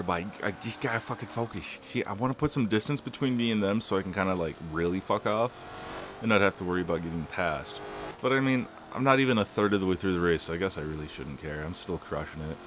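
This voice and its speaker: A young man giving casual, rambling commentary while playing a racing game, swearing often and filling pauses with lots of ums. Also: low-pitched, background noise. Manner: rambling, swears a lot, many fillers. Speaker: gaming channel host.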